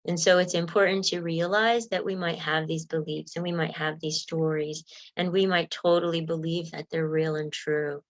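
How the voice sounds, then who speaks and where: A woman's voice: low-pitched, little pitch movement, moderate pace. A woman giving an earnest, emotional self-help talk, laughing often and acting out inner voices. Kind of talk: motivational talk.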